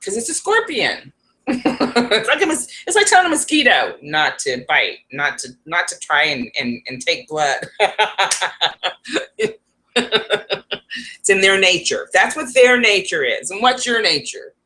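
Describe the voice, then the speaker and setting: A woman's voice: medium pitch, big pitch swings, slow pace, sharp tone. A woman psychic advisor talking to her viewers in a casual, rambling vlog, laughing often.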